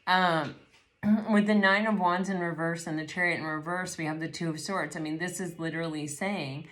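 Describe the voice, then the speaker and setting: Lower-voiced woman giving a rambling tarot reading. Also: fairly even intonation, moderate pace, fairly bright tone. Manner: rambling, reflective, restarts sentences often. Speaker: tarot reader. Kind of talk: casual spoken tarot reading. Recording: roomy echo.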